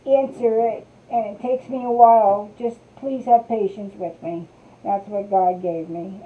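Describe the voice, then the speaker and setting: A woman hosting a live craft stream, rambling chattily and greeting viewers by name from their comments as she works. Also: mid-range voice. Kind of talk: casual live-stream chat. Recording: tinny phone-like sound.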